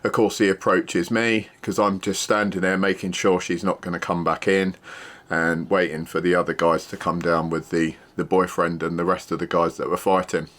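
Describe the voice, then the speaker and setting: A man's voice: low voice, little pitch movement, normal speed, fairly bright tone. A middle-aged man, a former security worker, telling a story in a casual, matter-of-fact way with plenty of fillers.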